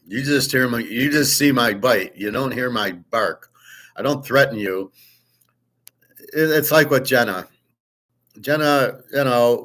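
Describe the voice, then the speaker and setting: A man's voice: mid-range voice, fairly bright tone. A man hosting his own show, talking casually in a rambling, opinionated and blunt way, sometimes swearing. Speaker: host. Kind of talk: casual unscripted monologue.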